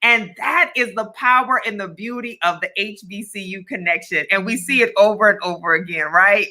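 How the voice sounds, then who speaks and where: A woman's voice: medium pitch, moderate pace, sharp tone, poor audio. A woman co-hosting a live podcast broadcast over a video call, chatting casually and telling upbeat stories. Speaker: podcast co-host.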